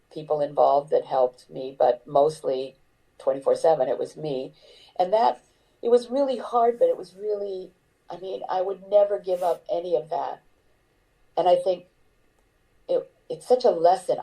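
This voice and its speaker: A woman's voice: deep voice, dark tone, low-quality recording. An older woman, an actor, speaking candidly as an interview guest, earnest and reflective, with frequent fillers and restarts.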